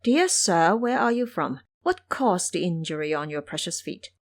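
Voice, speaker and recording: Woman playing a soft-spoken kind monk, compassionate, lively pitch, audio drama. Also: normal speed. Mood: gentle. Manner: gentle, compassionate. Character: kind, devout male Buddhist monk.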